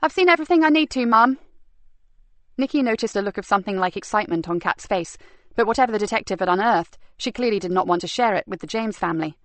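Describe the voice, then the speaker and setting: A woman narrating a crime novel audiobook in a steady, even storytelling manner. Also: mid-range voice, fast, dry recording. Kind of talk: scripted narration.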